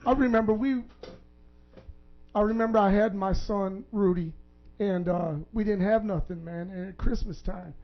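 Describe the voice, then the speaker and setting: A man's voice: high voice, steady tone, a little slow. A man co-hosting a radio show, reminiscing in casual chat in a heartfelt way and often tagging his sentences with "man.". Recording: dull lo-fi radio recording.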